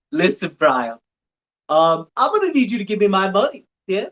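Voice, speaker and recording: Man impersonating a gruff, pushy cartoon cop; high and mock-threatening. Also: sing-song, moderate pace, a bit bright, heavily acted. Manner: mock-threatening, rising in pitch.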